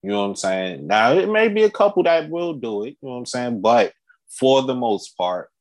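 A man's voice: mid-range voice, big pitch swings, normal speed. A man, laid-back and full of street slang. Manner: laid-back street slang, frequent "you know what I'm saying". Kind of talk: casual podcast talk.

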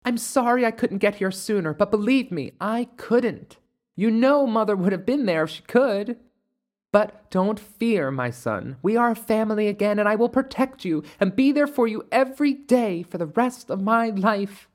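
A storyteller voicing a ghostly mother who speaks softly, sweetly and soothingly. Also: medium pitch, animated, normal speed, voice pushed up, close to an everyday voice. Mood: eerily tender. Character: ghostly mother, soft and doting, eerily tender.

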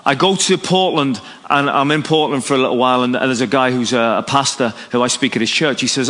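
A man's voice: medium pitch, fast talker, few pauses. A man preaching an evangelistic sermon, telling a story and acting out its dialogue. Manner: animated, story-driven, acts out dialogue. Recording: long hall reverb.

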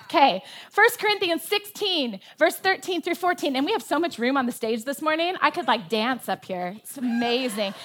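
A woman's voice: sits high, lively intonation, normal speed, few pauses, a bit bright. A woman pastor delivering a sermon from a church stage, telling a story with animation and stressing her points with emphasis.

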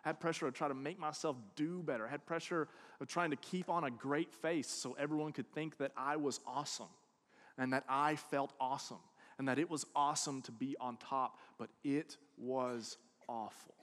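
A man preaching a sermon, telling a personal story and acting out quoted voices, swinging from hushed to loud. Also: a little high, fairly even intonation, fairly quick. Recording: long hall reverb.

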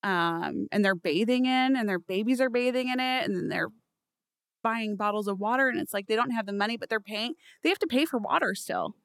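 A woman's voice: on the high side, fairly quick, clear, resonant tone, no room sound. Chatty young woman, dry close sound. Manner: animated, rambling with fillers. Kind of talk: casual chat.

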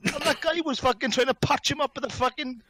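A man's voice: very high voice, steady tone, quick pace, sharp tone, no room sound. A Welsh man telling wild stories as a podcast guest, swearing heavily, laughing and calling everyone mate. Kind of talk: casual storytelling chat.

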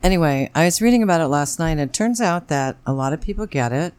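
A blunt woman in her forties chats frankly on a podcast and swears without a second thought. Her voice is smooth and resonant, recorded dry and close. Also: low voice, lively intonation, fast talker, a little mellow, dry recording. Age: 40s. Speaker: podcast co-host. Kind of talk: casual chat.

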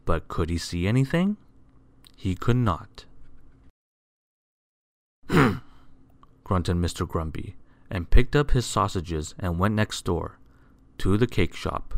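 A man reading a children's picture book aloud, expressive and asking the listener questions. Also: sits low, a little slow, no echo. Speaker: storyteller.

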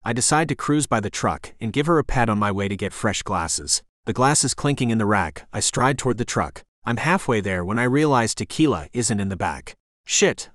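A man with a low-sitting but fairly bright voice narrates a first-person romance audiobook in a measured storytelling style. The recording is close and dry.

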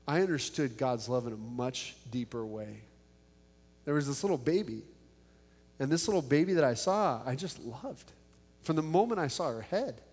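Man preaching in a reverberant church. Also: fairly high pitch. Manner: earnest, animated storytelling with hushed prayer. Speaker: pastor. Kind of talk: sermon with personal storytelling. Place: church building.

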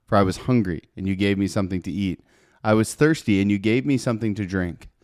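A man's voice: lowish voice, fast talker, darkish tone, no echo. A man hosting a faith podcast in an upbeat, chatty way, talking straight to listeners and reading scripture aloud, on a studio podcast mic. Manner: upbeat, chatty, with frequent "right?" asides. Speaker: podcast host.

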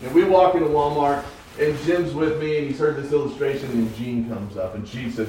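A man teaching an adult Bible study, preaching with animated, acted-out quotes in a church room. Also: medium pitch, brisk. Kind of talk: sermon. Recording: distant mic, echoey room, faint background hum.

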